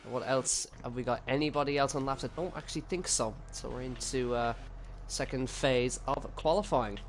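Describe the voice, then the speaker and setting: A man's voice: mid-range voice, normal speed, slight background noise. A man co-commenting on an esports racing qualifying session in a casual, chatty way. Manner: casual, chatty, filler-heavy. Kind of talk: live sim racing commentary.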